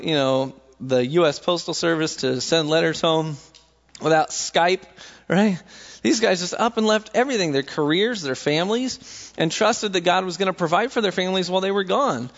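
A young man talks through faith and fatherhood in a relaxed, sermon-like style, slipping into little voices when he quotes people. His voice sits a bit high and has a gravelly edge. The recording sounds dull and lo-fi. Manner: conversational storytelling, acts out quotes with voices. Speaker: speaker sharing faith reflections. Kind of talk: casual sermon-style talk.

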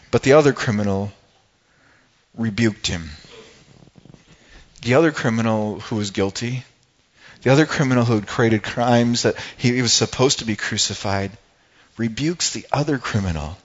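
A man's voice: mid-range voice, moderate pace, muffled recording. A man preaching a sermon as a pastor, earnest and emphatic.

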